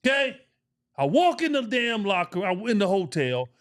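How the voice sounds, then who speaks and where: A man's voice: sits high, very animated, moderate pace, fairly bright tone. A middle-aged man, a former pro basketball player co-hosting a podcast, telling a story casually and emphatically, repeating phrases for emphasis and swearing.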